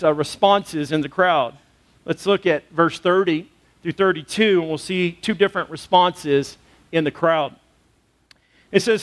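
Male pastor with a high voice, preaching casually and talking straight to the congregation. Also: a bit bright. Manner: conversational preaching with fillers and rhetorical questions. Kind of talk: sermon.

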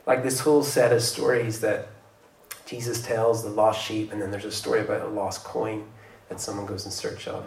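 A man preaches in a relaxed, conversational way, stopping to restart his thoughts and growing lively as he retells a story. His mid-range voice sounds a little distant from the mic. The hall is roomy, with a faint ambience underneath. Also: mid-range voice, vocal fry, a little hiss or hum. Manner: conversational, animated when retelling stories. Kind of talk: sermon.

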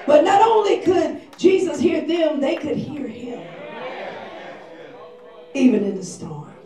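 Woman pastor, very high and animated voice, slow preaching, recorded far off in a big echoey hall with a faint congregation behind. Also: some chatter behind. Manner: lively storytelling, acts out quotes in slangy voices; preaching, often shouting. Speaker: senior pastor. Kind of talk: sermon.

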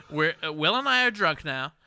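A tired, tipsy man hosts a late-night podcast, rambling emphatically, laughing and cursing in a casual drunken chat. His voice is on the high side, pushed and bright yet smooth.

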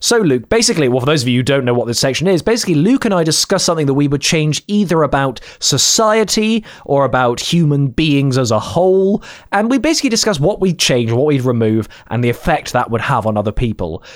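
A man's voice: on the high side, animated, quick pace, few pauses. Upbeat young man hosting a podcast. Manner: enthusiastic, playful. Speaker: podcast host. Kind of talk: casual podcast chat.

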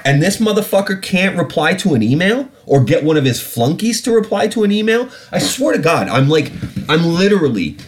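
A man's voice: on the high side, sing-song, fairly quick, slight background noise. British guy ranting on a podcast, swears a lot, voice swings up and down all over. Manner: blunt, profane, heated. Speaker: podcast host. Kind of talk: casual ranting commentary.

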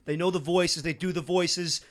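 A man's voice: on the high side, fairly even intonation, moderate pace, fairly bright tone. A man hosting a casual chat, loose and enthusiastic, with lots of "like" fillers. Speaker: podcast host.

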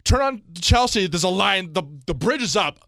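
A young man, co-hosting a podcast and telling stories in a lively way, acting out what he said. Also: high voice, normal speed, no echo, clean studio sound. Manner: animated storytelling, acts out his own quotes. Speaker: podcast co-host. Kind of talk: casual chat.

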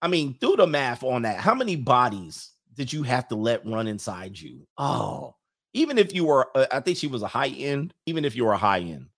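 A man's voice: mid-range voice, big pitch swings, moderate pace, a bit bright. A man hosting a livestream, reading chat comments and mocking them in a brash, joking way.

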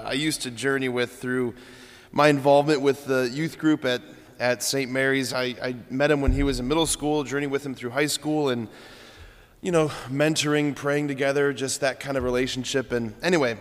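A man's voice: medium pitch, fairly bright tone. Young priest telling a story in his homily, casual and chatty, lots of uhs and likes, big echoey church. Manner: conversational storytelling with frequent fillers. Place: large church. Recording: long church reverb.

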